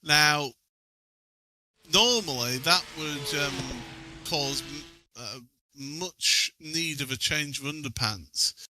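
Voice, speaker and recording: A man's voice: on the high side, slow, sharp tone, slight background noise. A man giving live sim racing commentary, jokey and rambling, often laughing.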